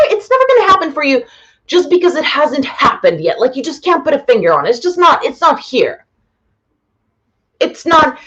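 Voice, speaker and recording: A woman business coach gives a live-streamed masterclass, talking bluntly to her audience, swearing freely and rambling. Her voice is a little high, and the sound is lo-fi.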